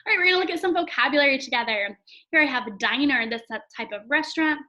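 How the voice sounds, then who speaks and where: A woman's voice: high voice, animated, pushed and bright, slight background noise, poor audio. Woman teaching a phonics lesson to kids. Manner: friendly, chatty teacher talk with drawn-out example words. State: throat tickle, clears throat often. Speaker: elementary school teacher. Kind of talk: recorded phonics lesson for young children.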